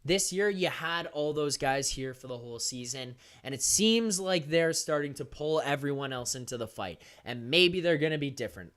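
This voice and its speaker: Hyped young man hosting a live stream. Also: on the high side. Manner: animated, hyped, laughing, talks straight to viewers. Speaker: host of a hockey post-game live stream. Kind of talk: energetic live-stream chat.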